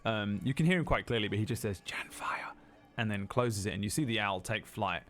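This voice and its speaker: A man's voice: lowish voice, quick pace. A man narrating a tabletop game as game master in a casual manner, with frequent fillers. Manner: casual, with many ums and uhs.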